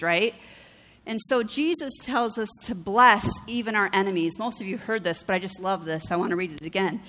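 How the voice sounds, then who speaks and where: A woman pastor preaching a sermon, telling personal stories with animated delivery and acting out other people's lines. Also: medium pitch, a little fast. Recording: long hall reverb.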